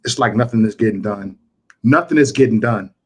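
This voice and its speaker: A man's voice: fairly low pitch, fairly quick, slightly rough. A man ranting to his livestream chat, impassioned and repeating himself for emphasis. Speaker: YouTube livestreamer.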